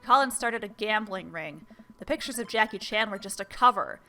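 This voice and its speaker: A woman's voice: mid-range voice, animated, normal speed, pushed and bright. A woman voicing a tired, grumpy male middle school teacher in a game, reading his lines in a dry, exasperated way. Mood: weary. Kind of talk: reading game dialogue aloud.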